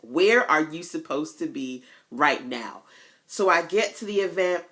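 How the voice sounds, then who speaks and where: A woman coaching online business owners in a casual motivational vlog, telling stories with folksy asides and sudden jumps to a much higher voice. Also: measured pace. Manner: chatty, animated storytelling with big pitch jumps.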